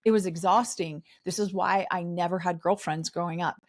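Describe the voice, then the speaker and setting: A lowish female voice at moderate speed belongs to a podcast co-host raised in a polygamous community. In relaxed conversation about a reality show, she animatedly makes fun of people through mocking impressions.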